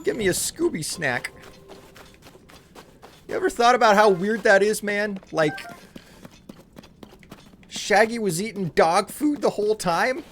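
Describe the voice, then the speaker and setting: A man putting on a high goofy slacker dude. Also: animated, a little slow, long pauses, a bit bright, slight background noise, heavily acted. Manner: high, drawling surfer-style voice. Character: laid-back goofy young male slacker dude. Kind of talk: streamer doing a character voice while playing.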